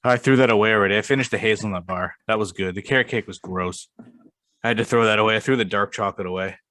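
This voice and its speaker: A young man with a somewhat low voice talks in a casual podcast conversation. He is blunt and argumentative and swears freely. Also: fast, pushed and bright. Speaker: podcast co-host. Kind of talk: casual chat.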